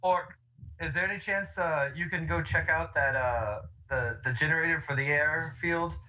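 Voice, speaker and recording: A man's voice: fairly high pitch, normal speed, pushed and bright, slight background noise, rough recording. A man playing in a tabletop game, chatting casually and urging the others on. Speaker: player.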